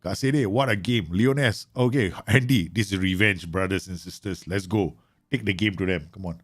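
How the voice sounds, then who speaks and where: A man live-streaming a football management game, chatting casually with viewers and yelling at his players. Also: low voice, normal speed, no room sound, studio quality. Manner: animated, bursts into loud yells and laughs at his players; chatty, answers viewer questions with many fillers.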